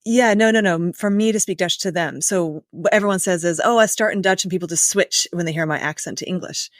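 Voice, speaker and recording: A woman's voice: fairly low pitch, brisk, dry recording, clean studio sound. An American woman hosting a podcast, chatting casually and asking long, thoughtful questions. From United States. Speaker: podcast host. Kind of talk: casual interview chat.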